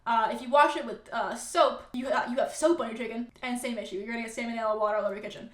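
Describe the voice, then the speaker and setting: A woman's voice: a little high, steady tone, very fast, a little hiss or hum. Sarcastic young woman, echoey room. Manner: chatty, exasperated, sarcastic. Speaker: content creator reacting to comments. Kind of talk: casual reaction commentary.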